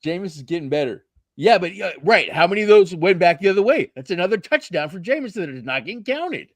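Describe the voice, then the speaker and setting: Man, sports podcast host, animated, swears a lot, slightly high voice, dry close sound. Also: fast, no room sound. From Seattle area. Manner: animated, swears freely, loose banter. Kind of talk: casual sports chat.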